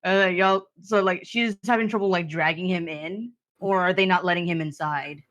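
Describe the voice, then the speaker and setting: A woman's voice: on the low side, moderate pace, fairly bright tone, highs cut off. A woman playing a tabletop game, chatting casually and giggling often. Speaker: player.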